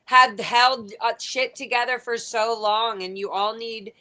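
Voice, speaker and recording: Brief: woman host, slightly high voice, chatty and bossy about tech fixes on a group call. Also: steady tone, unhurried, a loud crowd. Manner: chatty, directing others on audio fixes. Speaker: livestream host. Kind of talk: casual group video chat.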